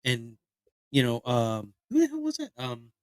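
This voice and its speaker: A man's voice: medium pitch, wildly swooping pitch, measured pace, no echo, rough recording. Profane rambling Philly man. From Philadelphia area, US. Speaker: podcast host. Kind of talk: casual chat.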